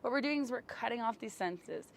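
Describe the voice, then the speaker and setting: Female yoga teacher, a little high-pitched, soft and slow guided instruction, outdoor camera-mic sound. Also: expressive, gravelly, a little hiss or hum. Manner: slow, gentle, soothing cues. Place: outdoors in bright sun.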